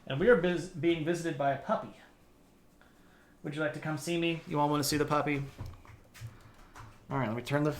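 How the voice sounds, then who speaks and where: A man's voice: on the high side, fairly quick, pauses often, slight background noise. A man hosting a live-streamed history lecture from home, talking in a casual, chatty way with self-deprecating asides.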